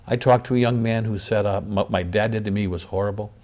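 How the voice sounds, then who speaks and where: Deep-voiced priest, earnest and preacherly. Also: male voice, fairly even intonation, fast talker, few pauses, darkish tone. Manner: earnest, preacherly, builds emphasis through repetition. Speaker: priest and author, guest. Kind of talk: interview talk about forgiveness.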